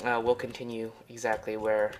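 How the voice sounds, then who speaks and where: A man giving let's play commentary, excitable and easily panicked, with yelps and repeated exclamations. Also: lowish voice, normal speed, slight background noise. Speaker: gaming channel host.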